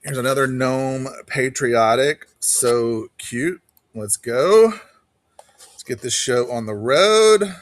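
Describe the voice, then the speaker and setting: A man hosting a live online auction stream, chatting casually and quickly calling bids while greeting viewers by name. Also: medium pitch, no echo, clean studio sound.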